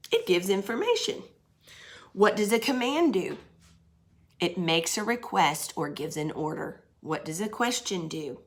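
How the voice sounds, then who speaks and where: A middle-aged woman teaching a grammar lesson to young children, patient and explaining slowly with examples and questions. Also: medium pitch, a bit bright.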